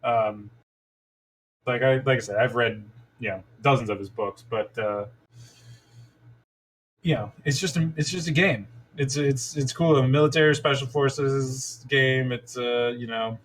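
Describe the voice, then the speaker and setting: A man's voice: medium pitch, unhurried, fairly bright tone, low-quality recording. Guy rambling on a gaming podcast, lots of um and you know, casual chat. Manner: rambling, many fillers and restarts. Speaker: podcast co-host.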